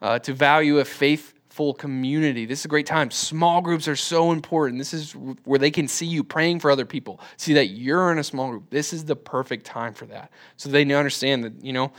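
A man's voice: fairly high pitch, a little fast, few pauses, fairly bright tone. A man in his twenties teaching a church class in a loose, rambling way, with many fillers and restarts. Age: 20s. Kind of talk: casual classroom talk.

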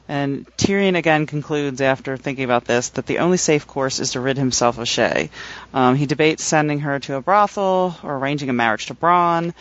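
A man's voice: mid-range voice, fairly quick, fairly bright tone. A man co-hosting a podcast, chatting casually about a book and reading from it, rambling with many fillers. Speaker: podcast co-host. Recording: dull lo-fi sound.

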